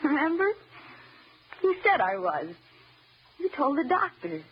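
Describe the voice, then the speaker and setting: An actress playing an unhinged wife who has escaped an asylum, taunting and menacing in 1940s radio acting style. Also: female voice, sits high, big pitch swings, a little slow. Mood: bitter, cold. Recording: dull old radio recording, faint hiss.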